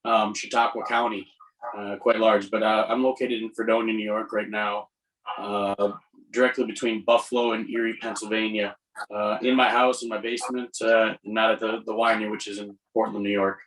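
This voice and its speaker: A man's voice: on the low side, level tone, normal speed, a bit bright. A man speaks as a winemaker from his basement at home over a video call. He talks in a laid-back, rambling way, and he sits some distance from the mic. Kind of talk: casual guest talk.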